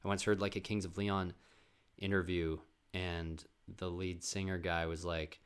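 With a low, smooth voice that barely shifts in pitch, a man hosts a podcast and spins rambling family stories at a measured pace. He curses freely and keeps restarting sentences in this casual storytelling monologue.

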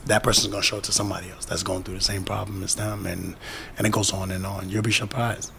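A man with a low, gravelly voice talks emphatically in a relaxed conversation, hammering home his points by repeating them. He drops into the voices of the people he quotes. Faint noise sits behind him. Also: quick pace. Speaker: boxing trainer. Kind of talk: casual conversation.

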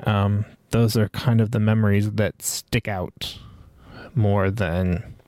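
A man's voice: on the low side, steady tone, slow pace, mellow, dry recording. A man in his forties hosting a podcast, reflecting on his life in a rambling way with many fillers and restarts. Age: 40s. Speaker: podcast host. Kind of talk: personal reflective monologue.

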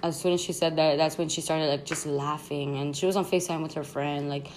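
A young woman, hosting a podcast and telling a story in a rambling, slangy, excitable way full of fillers. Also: deep voice, brisk, slight background noise. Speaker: podcast host. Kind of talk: casual storytime chat.

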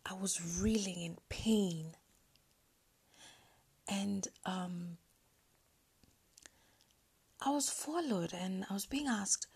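A woman telling a personal story on her podcast in a soft, breathy, near-whispered voice, hesitant and halting with many pauses. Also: medium pitch.

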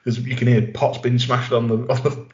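A man's voice: medium pitch, level tone, normal speed, darkish tone. A man, a podcast guest, telling long rambling stories with wisecracks in casual chat. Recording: roomy lo-fi audio.

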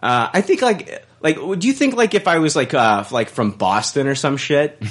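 A man's voice: fairly high pitch, expressive, normal speed, fairly bright tone. A man from the American Midwest hosting a podcast, rambling in brash, profane casual chat with many restarts. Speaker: podcast host.

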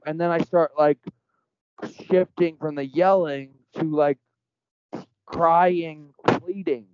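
A man's voice: fairly high pitch, smooth, dry recording. A man telling a story in casual conversation as a podcast guest, earnest and rambling, framing it in spiritual terms. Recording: dull lo-fi dry sound.

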